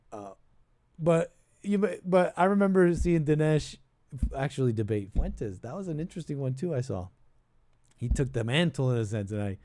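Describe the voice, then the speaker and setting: A man's voice: a little high, darkish tone, dry recording, clean studio sound. A man hosting a call-in show, giving casual political commentary in a rambling way, restarting his sentences and trailing off into asides.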